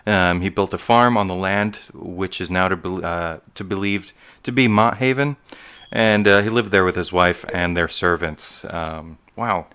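A man with a deep, smooth, resonant voice chats casually as a co-host. He rambles through notes with lots of ums. His talk stays loose and conversational. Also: measured pace, a bit bright. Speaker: podcast co-host. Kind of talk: casual chat.

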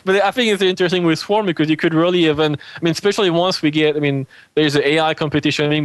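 A man with a French accent speaks in a casual interview, eager and loose, leaning on "you know" as he goes. His voice sits mid-pitch, and the sound is dry and close, with no room around it. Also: no room sound. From France. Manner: lots of "you know" fillers, enthusiastic. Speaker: interview guest. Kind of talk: casual conversation. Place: home, Alabama.

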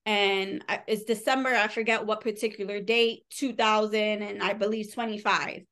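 This woman speaks at a normal speed in a steady mid-range voice with a fairly bright tone. As a podcast co-host reviewing books, she gives a rambling, chatty plot recap packed with "like" and some casual swearing.

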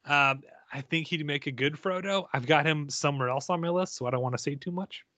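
An opinionated man co-hosting a casual podcast chat. His voice is bright and forward, recorded very dry and close. He slips into playful mock rants. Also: fairly high pitch, brisk, dry recording. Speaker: podcast co-host.

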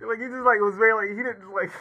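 A man's voice: high voice, steady tone, rapid-fire, bright, forceful tone, highs cut off. A young man in casual chat about a film with friends, laughing often and swearing casually.

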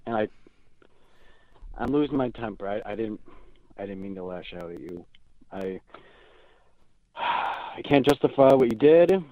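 A man's voice: medium pitch, expressive, slow, long pauses, dry recording, lo-fi sound. A man playing a hotheaded young caller who rants at his stepdad in frantic, whiny bursts on a call-in comedy bit. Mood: sheepish. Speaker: prank caller.

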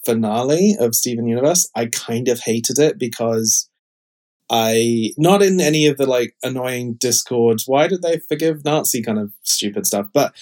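A man co-hosts a podcast, sharing his opinions in casual, chatty talk that rambles and is packed with fillers. His voice sits at medium pitch with a darkish tone, and he speaks a little slowly.

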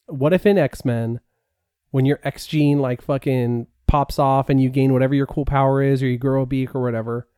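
A man's voice: medium pitch, little pitch movement, moderate pace, dark tone, smooth, no room sound, clean studio sound. A man co-hosting a podcast, talking casually with many fillers and restarts. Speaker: podcast co-host. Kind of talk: casual chat.

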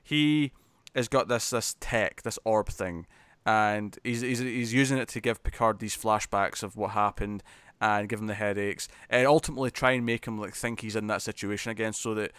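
A man's voice: lowish voice, normal speed, a bit bright, smooth, no room sound. A man chatting casually as a podcast co-host, laughing and acting out characters' lines as he recaps an episode.

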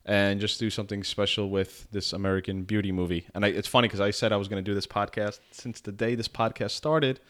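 A man's voice: fairly low pitch, fairly even intonation, fast talker, hardly any pauses, fairly bright tone. A man hosting a podcast, talking casually and rambling with many fillers. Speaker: podcast host.

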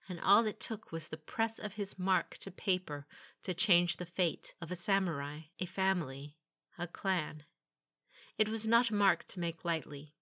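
Audiobook: woman narrator, steady storytelling, lowish pitch with a bright, crisp tone. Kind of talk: scripted fantasy narration.

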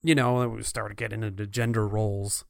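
A man's voice: fairly low pitch, flat delivery, normal speed, creaky, dry recording, studio quality. A man co-hosting a podcast in casual chat, easygoing and chuckling, with playful voices for quotes. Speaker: podcast co-host.

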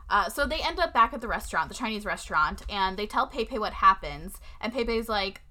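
Sarcastic young woman with a bright voice. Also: mid-range voice, lively intonation, fairly quick, hardly any pauses. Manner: sarcastic, blunt, swears. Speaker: podcast co-host. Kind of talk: casual movie recap chat.

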